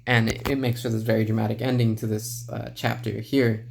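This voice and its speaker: A man reviewing a manga volume in a relaxed, rambling way, with lots of filler sounds and small chuckles. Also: lowish voice, fairly quick, vocal fry, slight background noise. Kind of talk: casual video review.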